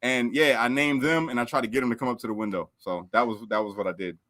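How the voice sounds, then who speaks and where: A man who is a podcast guest, telling prison stories in a casual, animated, slangy way with frequent laughter. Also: medium pitch, fast. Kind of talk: casual storytelling.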